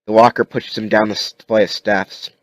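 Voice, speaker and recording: A man narrating a comic story aloud as an amateur reader, halting with frequent restarts and fillers. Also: on the low side, flat delivery, dry recording, studio quality.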